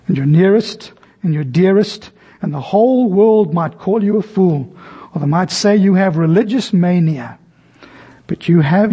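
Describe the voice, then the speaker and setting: A man's voice: high-pitched, mellow, husky. A man preaching a sermon, telling stories and acting out the voices in them. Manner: storytelling, acts out voices in anecdotes. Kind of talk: sermon with illustrations.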